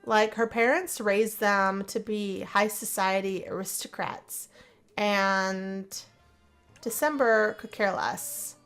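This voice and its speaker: A woman giving chatty, excitable commentary as she plays a life-simulation game, gasping and gushing over what happens. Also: medium pitch, slow pace, clean tone, soft background music. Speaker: gameplay narrator. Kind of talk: casual let's play commentary.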